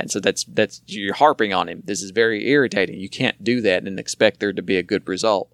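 A man's voice: on the low side, moderate pace, creaky, fairly bright tone, dry recording, clean studio sound. A man in casual conversation, rambling and repeating words as he searches for them. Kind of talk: casual chat.

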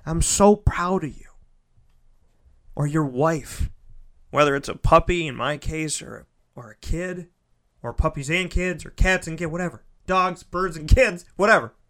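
A man giving a heartfelt motivational monologue. He repeats phrases for emphasis and swings between loud, pushing lines and soft, near-whispered ones. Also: fairly high pitch, normal speed.

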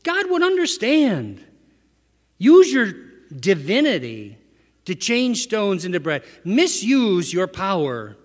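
A preacher voicing the devil as a smooth, persuasive tempter. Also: male voice, high-pitched, huge pitch swings, takes it slowly, exaggerated voice. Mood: coaxing. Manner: wheedling, persuasive. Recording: echoey hall reverb.

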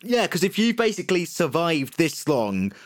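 A man, casually telling a true-crime story on a podcast, animated and jokey, slipping into quick put-on voices. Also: fairly high pitch. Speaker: podcast co-host.

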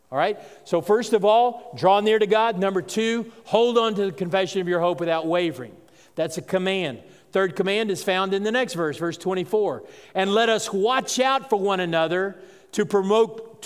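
High-voiced pastor preaching in a reverberant hall. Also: male voice, clean tone. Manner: emphatic preaching with frequent asides to the congregation. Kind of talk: sermon. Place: church sanctuary.

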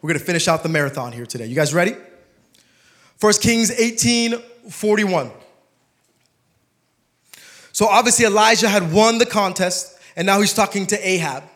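A young man preaching a sermon, telling stories with humor and turning soft and emotional. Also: sits high, expressive, quick pace, hardly any pauses.

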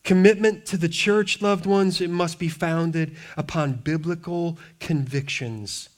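A man's voice: fairly high pitch, measured pace, hardly any pauses. A middle-aged male pastor preaching a sermon with passionate, emphatic delivery and repeated phrases.

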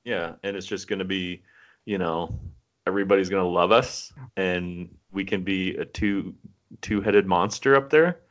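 A man's voice: low-pitched, normal speed, fairly bright tone. A man in his thirties co-hosting a podcast, chatting casually in a laid-back, teasing way. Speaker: podcast co-host. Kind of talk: casual chat. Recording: dull lo-fi audio.

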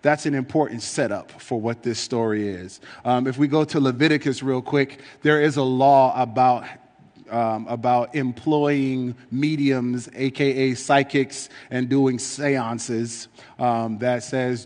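A man's voice: mid-range voice, fairly even intonation, unhurried, a little mellow. Chatty preacher man in a big hall. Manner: casual, chatty, with frequent fillers. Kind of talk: conversational sermon with scripture reading.

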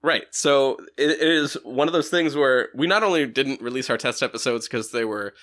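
A man co-hosting a podcast, chatting casually with quick, laughing remarks. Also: medium pitch, fairly bright tone. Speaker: podcast co-host. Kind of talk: casual chat.

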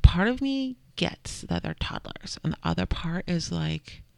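A woman's voice: on the low side, expressive, a little slow, creaky, dark tone, no room sound, whispered. A woman in her thirties chatting casually as a parent of a toddler, laughing often and acting out what others say. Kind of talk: casual chat.

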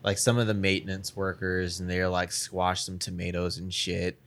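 A man's voice: low voice, flat delivery, normal speed, fairly bright tone. A young man in casual chat, telling work stories in a laid-back, slangy way with plenty of swearing.

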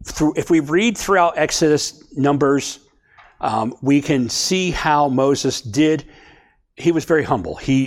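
A man leading a Bible study for a small group, talking casually and checking in with his listeners as he goes. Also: medium pitch. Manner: conversational, checks in with "okay?".

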